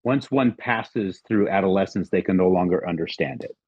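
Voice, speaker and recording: A man's voice: low voice, normal speed, darkish tone, slightly rough, dry recording, muffled recording. A middle-aged man as a podcast guest, telling a rambling story casually and acting out the lines of the people in it. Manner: rambling, acts out quoted dialogue.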